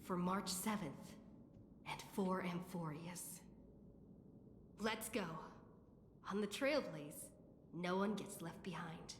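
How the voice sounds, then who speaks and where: An earnest young female adventurer speaks slowly in a lowish voice. A long hall reverb and faint noise sit behind her lines. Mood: resolute. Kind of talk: game voice acting.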